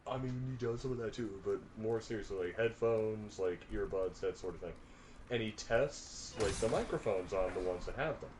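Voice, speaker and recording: A man with a low voice chats through a co-op gaming session, rambling and joking with plenty of fillers. A faint noise sits under his voice. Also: normal speed, a little mellow. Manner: rambling, chatty, jokey, filler-heavy. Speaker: co-op gameplay streamer. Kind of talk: casual gaming chat.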